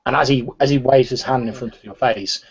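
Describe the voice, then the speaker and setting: A man's voice: medium pitch, steady tone, a little fast, creaky, breathy edge, muffled recording. A man narrating a tabletop role-playing game as game master, with frequent restarts. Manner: hesitant, many restarts.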